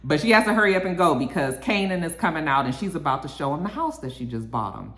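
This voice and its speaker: A woman's voice: fast talker, roomy sound. A woman casually recapping a TV episode, acting out the characters' lines and checking in with "okay?". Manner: animated, swaps into high voices for characters, frequent "okay?". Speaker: TV episode reviewer. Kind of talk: casual recap with acted-out quotes.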